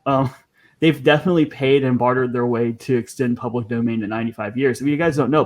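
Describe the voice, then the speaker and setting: A man hosting a podcast, talking casually and chattily, with frequent ums and restarts. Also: mid-range voice. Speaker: podcast host.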